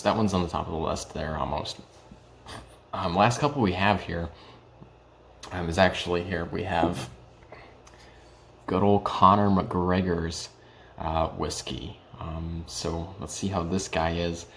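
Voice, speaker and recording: A man's voice: low voice, a little slow, slight background noise. A young man in his early twenties chatting casually in a home vlog, hesitant and full of ums and restarts. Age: young adult. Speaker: vlogger reviewing whiskey.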